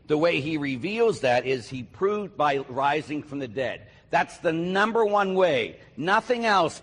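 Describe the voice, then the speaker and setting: A man preaching a sermon emphatically, swinging between loud declarations and quiet asides, with a husky voice. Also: mid-range voice. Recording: long hall reverb.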